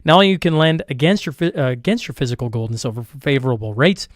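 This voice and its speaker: A man's voice: mid-range voice, quick pace, dry recording, clean studio sound. A man hosting a podcast, reading sponsor spots and event plugs in a rambling, upbeat, casual way. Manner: upbeat, rambling, restarts and self-corrections. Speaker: podcast host. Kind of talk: casual ad reads and show intro.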